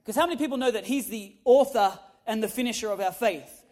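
A young man, a pastor, telling a funny personal story in his sermon, animated and humorous with loud emphatic peaks. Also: high-pitched, fast talker. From Australia.

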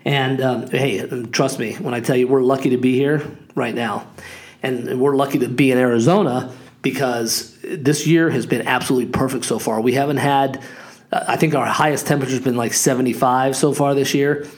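This man in his forties is a real estate agent hosting a podcast, speaking at a normal speed in a mid-range voice with fairly even intonation. His casual monologue is upbeat and rambling, packed with fillers.

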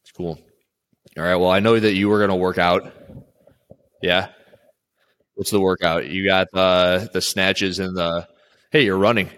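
Low-voiced male coach, loose conversational interviewer who trails off and restarts. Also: fairly even intonation, measured pace, long pauses, fairly bright tone. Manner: rambling, with frequent restarts. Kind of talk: casual interview chat.

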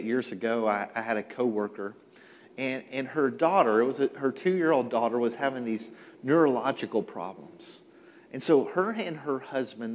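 A man preaching a sermon as pastor, emphatic and repetitive, sometimes acting out the people he quotes. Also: medium pitch. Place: church sanctuary. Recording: long hall reverb.

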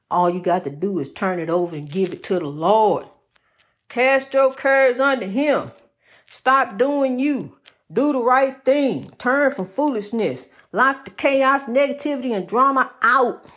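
A woman giving a preachy, motivational monologue with a sing-song delivery, repeating phrases and calling listeners honey. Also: mid-range voice. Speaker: inspirational speaker.

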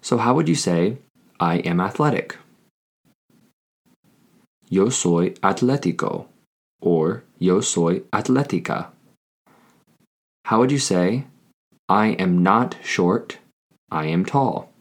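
A man hosting a scripted Spanish lesson, speaking deliberately and repeating each phrase for learners. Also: deep voice, animated. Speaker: Spanish teacher.

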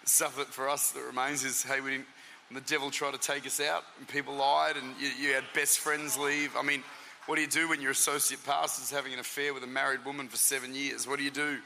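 A man with a very bright, forceful voice tells stories as an interview guest, stumbling over his words and starting again. His talk rings with a long hall reverb, and his pitch sits at the middle for a man. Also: fast talker, vocal fry, slight background noise. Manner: lively storyteller, restarts and repeats words. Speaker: traveling preacher and senior pastor.

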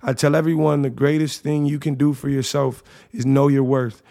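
A man's voice: mid-range voice, flat delivery, normal speed, gravelly, mellow. A young man in his twenties, a podcast host, casually and emotionally reading his own journal entries aloud in a slangy, reflective way.

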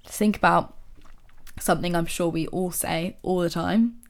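A woman hosting a podcast, talking to listeners in a casual motivational monologue full of rhetorical questions and soft asides. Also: lowish voice, fairly even intonation, measured pace. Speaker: podcast host.

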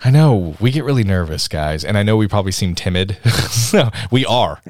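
A man's voice: on the low side, lively intonation, a little fast, dry recording, clean studio sound. A man co-hosting a podcast, talking in an emphatic, ranting casual chat. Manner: emphatic, ranting, jumps between loud and soft. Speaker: podcast co-host.

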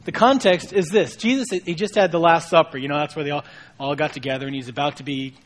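Male pastor, high voice, conversational sermon delivery, casual storyteller with a light comic touch. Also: fast.

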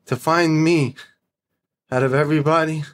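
A man's voice: on the high side, steady tone, moderate pace. Blunt, profane storytelling man. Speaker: podcast guest. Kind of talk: casual storytelling.

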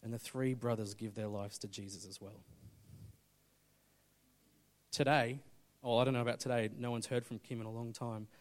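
Aussie pastor guy preaching, gets loud then drops real quiet, telling a story. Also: mid-range voice, fairly even intonation, normal speed, long pauses. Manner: storytelling preacher, swings from loud urgency to hushed intensity. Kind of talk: sermon.

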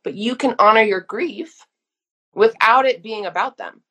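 A woman's voice: a little high, a little slow, sharp tone, husky. A woman in her thirties speaking frankly and emphatically as a guest in a casual conversation. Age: 30s. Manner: frank, emphatic, uses mild swearing. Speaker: guest therapist.

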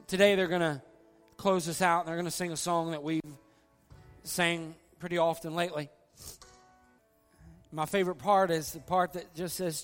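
A man's voice: fairly high pitch, fairly even intonation, moderate pace, pauses often. A man preaching an earnest, folksy sermon as pastor, pleading with his congregation at the altar call. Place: church sanctuary. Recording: long hall reverb, faint music.

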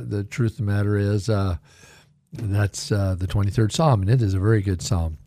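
A man's voice: on the low side, a little mellow, no room sound. A man who is a pastor and radio host, giving a folksy, conversational devotional talk and reading scripture earnestly. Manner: folksy and conversational, jokes lightly; earnest, heartfelt prayerful reading.

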